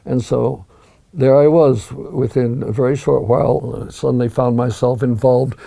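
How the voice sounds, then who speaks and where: An older man with a gravelly, husky voice, talking as an interview guest and musing over his memories with frequent restarts. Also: mid-range voice, steady tone, normal speed, warm tone. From United States. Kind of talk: reminiscing interview talk.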